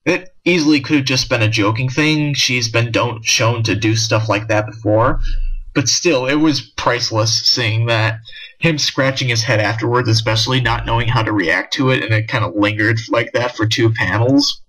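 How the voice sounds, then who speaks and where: Bright-voiced young man rambling about comics. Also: medium pitch, moderate pace, poor audio. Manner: rambling, frequent restarts and fillers. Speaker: manga discussion vlogger. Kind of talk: casual spoken review.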